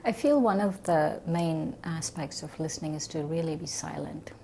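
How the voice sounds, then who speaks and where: A woman with a somewhat low voice speaks gently and thoughtfully, reflecting on a spiritual topic. A faint ambience sits behind her. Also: normal speed, vocal fry, slight background noise. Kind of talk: reflective conversation.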